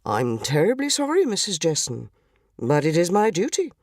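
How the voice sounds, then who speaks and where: A woman's voice: on the low side, wildly swooping pitch, normal speed, no echo, studio quality, exaggerated voice. A woman voicing a solemn, middle-aged male police inspector who speaks in a stiff, formal, dutiful way. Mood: grave.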